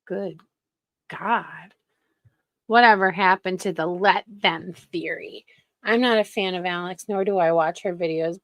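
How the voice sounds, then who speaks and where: A woman's voice: lowish voice, dry recording. A woman hosting casual commentary in a sarcastic, gossipy way. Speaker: commentary channel host.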